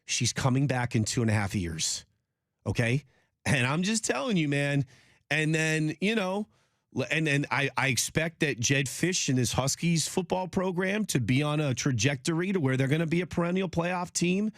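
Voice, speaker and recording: A man hosting a sports radio talk show, rambling and joking in a loose, animated way. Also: on the high side, moderate pace, no room sound, clean studio sound. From Polish heritage.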